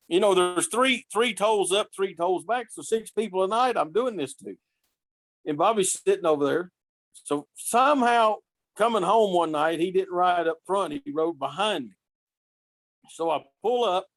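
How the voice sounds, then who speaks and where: A man's voice: sits high, normal speed, no echo. Man with a drawl spinning yarns. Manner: lively, acts out quoted voices. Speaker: podcast guest telling road stories. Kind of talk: casual storytelling.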